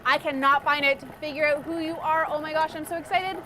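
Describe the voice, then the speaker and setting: A woman hosting a live TV bingo show, gushing and excitable as she announces the jackpot. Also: high voice, fast, background noise.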